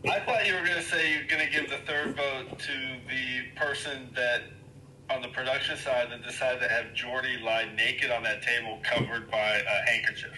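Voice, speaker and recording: A wry man with a bright, forceful voice, chatting casually on a podcast. The recording is echoey, and there is faint noise in the background. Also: mid-range voice, fairly even intonation, moderate pace. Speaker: podcast guest.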